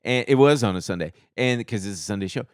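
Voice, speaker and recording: A man co-hosting a podcast, telling animated stories in casual chat and mimicking other people's voices. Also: fairly low pitch, fast talker, smooth, dry recording, clean studio sound. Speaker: podcast co-host.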